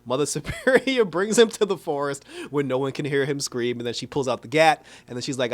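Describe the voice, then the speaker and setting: A man's voice: mid-range voice, fairly quick, hardly any pauses. Chatty man laughing through a review. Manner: chatty, laughs often, animated storytelling. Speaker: show reviewer. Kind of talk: casual video review recap.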